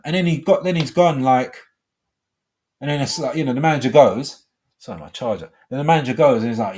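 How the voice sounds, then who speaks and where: A middle-aged man hosts a live call-in show and rambles along, padding his speech with "you know" and other fillers. His voice is husky and somewhat breathy, at an ordinary male pitch. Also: brisk, a little mellow.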